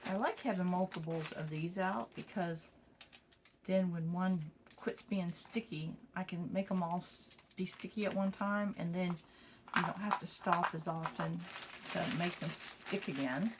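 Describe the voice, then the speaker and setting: A woman's voice: on the low side, unhurried, background noise. A woman chatting folksily through a craft tutorial, calling her viewers y'all, a bit tired from a long week. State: tired, yawning. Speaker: craft vlogger. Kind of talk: casual craft tutorial chat. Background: crinkling plastic and clicks.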